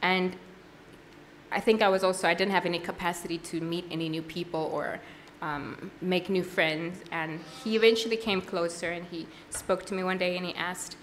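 A woman sharing her personal testimony at a worship service, earnest and halting, with frequent pauses and restarts. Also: on the low side, steady tone, a little hiss or hum. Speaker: church testimony speaker.

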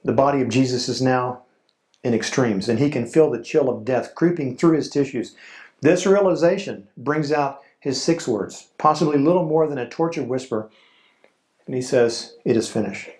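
A man preaching a sermon in a slow, solemn way, with dramatic pauses. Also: mid-range voice, a little mellow. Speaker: pastor.

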